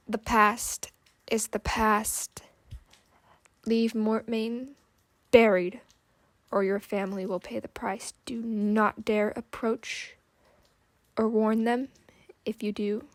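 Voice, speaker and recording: A menacing clockwork automaton, put on by a woman reading an audiobook, that speaks in a slow, halting, whispered grind. Its words come out one by one, cold and mechanical, like faulty machinery. The delivery stays flat and even. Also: a little high, dry recording.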